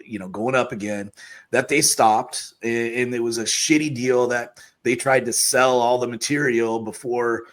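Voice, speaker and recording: Male host, middle pitch, halting delivery with lots of fillers. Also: fairly even intonation. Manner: halting, frequent fillers and restarts. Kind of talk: casual political talk.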